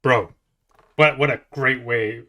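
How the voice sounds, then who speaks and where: A man's voice: mid-range voice, fairly even intonation, takes it slowly, pushed and bright. A man in his forties hosting a music reaction, rambling casually with lots of swearing and restarts. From Canada. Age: 40s. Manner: rambling, profane, many restarts.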